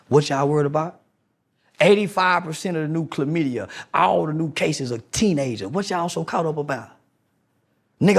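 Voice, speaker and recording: High, gravelly man ranting hard. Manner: preachy, confrontational, repeats rhetorical questions; mocking impressions in a raised voice. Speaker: guest. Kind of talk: heated podcast interview.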